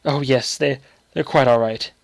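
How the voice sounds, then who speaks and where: A man's voice: mid-range voice, steady tone, normal speed, vocal fry, no echo, lightly acted. A man reading a story aloud and voicing a woman who works as a nursery governess, polite, reassuring and a little flustered.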